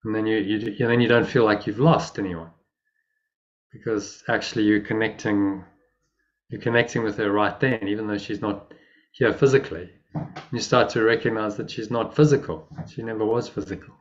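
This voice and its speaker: A man leading a spiritual discussion, explaining ideas in a calm, measured way. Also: fairly low pitch. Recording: muffled lo-fi audio.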